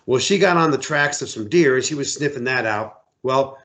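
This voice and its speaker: A middle-aged American outfitter and hunting guide tells stories in a casual interview, speaking a little fast in a mid-range voice. He's animated, repeating words as he acts out voices.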